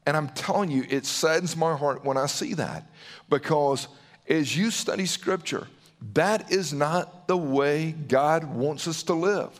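A man's voice: fairly high pitch, a little slow. A man with a Southern accent, preaching a sermon as a pastor, earnest and emphatic, often repeating words and restarting phrases.

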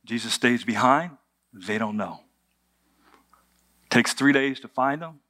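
A man's voice: medium pitch, animated, slow pace, pushed and bright. Conversational male preacher. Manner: conversational, humorous, with rhetorical questions. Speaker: pastor. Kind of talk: sermon.

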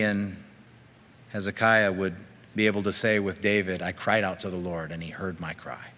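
A male pastor delivers an animated sermon, reading scripture with rising emphasis. His voice is bright and forceful. It rings out with a long reverb, as in a church sanctuary. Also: low voice, normal speed.

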